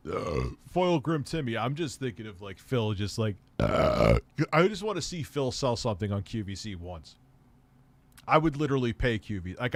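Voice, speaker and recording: A man's voice: mid-range voice, no echo. Rambling, profane male streamer. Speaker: livestream host. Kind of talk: casual chat.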